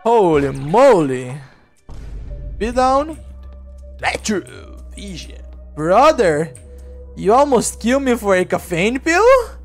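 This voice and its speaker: A male streamer chatting casually to his audience while playing a game, rambling and laughing, with sudden loud outbursts. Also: sits high, sing-song, takes it slowly, pauses often, faint music behind. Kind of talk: casual gameplay livestream chat.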